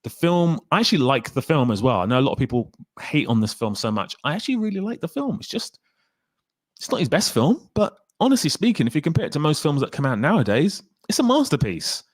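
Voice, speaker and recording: Excitable man hosting a live stream. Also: on the high side, fast, no echo, studio quality. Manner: lively and excitable, swears freely. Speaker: livestream host reading viewer comments. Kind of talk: casual live-stream chat.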